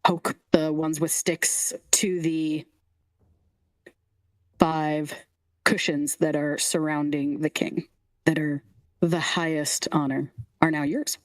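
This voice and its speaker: A woman's voice: low-pitched, little pitch movement, slow pace, long pauses, dry recording, rough recording. Woman narrating as game master.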